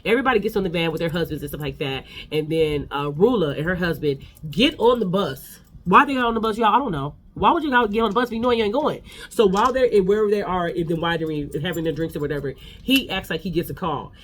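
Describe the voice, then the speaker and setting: A man's voice: sits high, expressive, fast, few pauses, fairly bright tone, a little hiss or hum. A man giving a casual, sassy gossip recap of a reality show, talking straight to his viewers.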